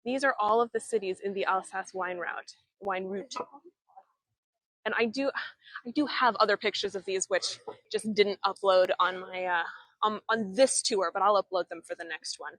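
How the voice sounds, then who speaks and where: A young woman guiding a live walking tour outdoors, talking into a handheld phone, chatty and halting, with many fillers and restarts. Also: mid-range voice, a bit bright, no room sound. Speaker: travel vlogger and tour guide. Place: outdoors in an old town street.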